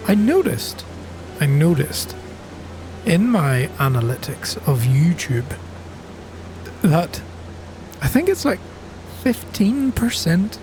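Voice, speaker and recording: A middle-aged Northern Irish man with a softened accent, chatting casually and thinking aloud with plenty of ums as he commentates his own farming game. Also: on the high side. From Northern Ireland. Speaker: gaming channel host.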